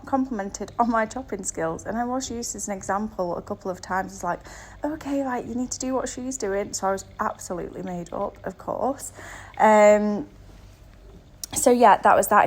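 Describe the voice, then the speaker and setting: A woman's voice: mid-range voice, a little mellow. A woman narrating her travel vlog in a chatty, self-deprecating way, with plenty of fillers. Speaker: travel vlogger.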